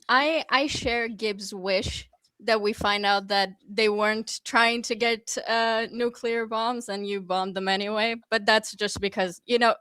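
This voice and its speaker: Woman caller, measured, dry close sound. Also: medium pitch, a bit bright, smooth, no echo, low-quality recording. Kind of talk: live stream debate.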